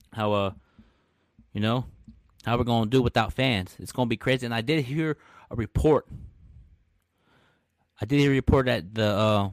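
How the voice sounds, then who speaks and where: A man hosting a casual live-stream podcast, talking trash with brash, animated energy and frequent laughs. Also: medium pitch, no echo, studio quality. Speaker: podcast host.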